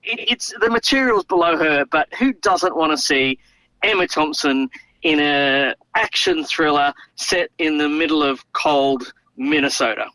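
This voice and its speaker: A man guesting as a film reviewer on a podcast, giving opinionated takes in an animated way. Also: a little high, measured pace, dry recording, rough recording. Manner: animated, opinionated, starts with "look".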